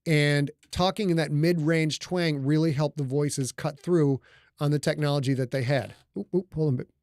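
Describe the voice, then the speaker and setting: A man's voice: a little high, fairly even intonation, normal speed, darkish tone, no echo, clean studio sound. A middle-aged man hosting a casual livestream, talking loosely and joking with his audience. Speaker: livestream host and author. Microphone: studio microphone.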